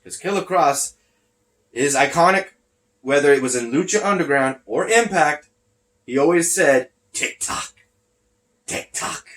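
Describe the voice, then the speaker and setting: A podcast host with a slightly high, fairly bright voice chats casually about wrestling at a moderate pace, leaving long pauses. He rambles and loses his train of thought, and he sounds a bit short of breath because he's talking through a face mask.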